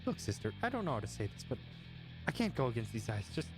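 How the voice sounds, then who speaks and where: A man's voice: mid-range voice, very animated, quick pace, over music, low-quality recording. A man voicing a worried male companion who speaks in a hesitant, pleading way.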